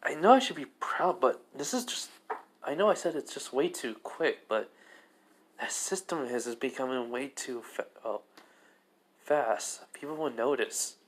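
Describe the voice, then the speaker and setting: A man's voice: medium pitch, lively intonation, measured pace, a little hiss or hum, natural voice. A man voicing a young goddess who worries aloud to herself, in a storytelling video. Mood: worried. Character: young goddess woman, fretful and fond.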